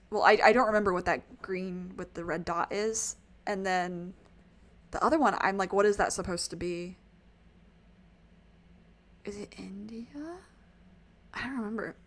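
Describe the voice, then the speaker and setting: A woman's voice: mid-range voice, a bit bright. A woman streamer giving casual let's-play commentary, rambling with laughing asides. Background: game music.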